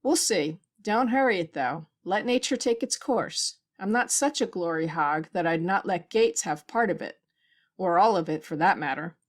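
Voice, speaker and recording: A woman's voice: on the low side, lively intonation, moderate pace. A woman reading the lines of a tense male space station doctor, speaking in clipped, pressured sentences.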